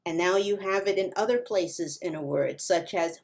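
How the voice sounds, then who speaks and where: A woman teaching Spanish pronunciation, slowly modeling words for learners to repeat. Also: fairly low pitch. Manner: slow, careful modeling of pronunciation. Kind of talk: language lesson.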